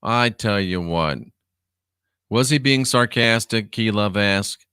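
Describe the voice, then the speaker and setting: Sarcastic guy rambling on his stream, bright clear voice, dead dry mic. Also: lowish voice, slow pace, no room sound. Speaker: online show host, former minister. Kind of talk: livestream commentary reading chat.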